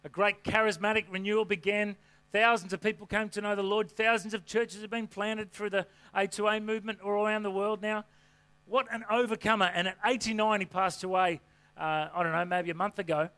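A man preaching a sermon to a congregation from a church stage, with an energetic, folksy delivery full of rhetorical questions. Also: sits high, fairly quick. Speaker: pastor.

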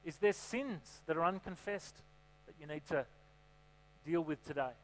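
A man's voice: fairly high pitch, moderate pace. A man preaching a sermon in a church, chatty and joking, often asking the congregation questions. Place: church hall. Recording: reverberant hall with mains hum.

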